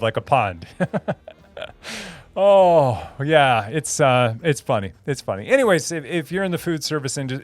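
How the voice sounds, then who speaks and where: A man's voice: on the high side, dry recording. Chatty man rambling on a live stream. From Minnesota. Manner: rambling, laughing, lots of restarts and fillers. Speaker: host answering live chat. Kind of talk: casual live-stream chat.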